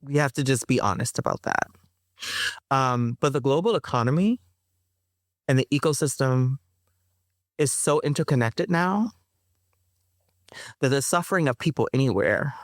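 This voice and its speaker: A woman poet and interview guest who speaks with a measured, thoughtful cadence and corrects herself as she goes. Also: a bass voice, animated, no echo, clean studio sound. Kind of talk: spoken-word poetry and interview talk.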